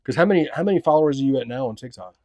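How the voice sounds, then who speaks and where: A man's voice: mid-range voice, lively intonation, rapid-fire, darkish tone, dry recording. A man hosting a casual interview, hyped and full of slang. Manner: hyped, slangy, says bro and dude a lot. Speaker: podcast host.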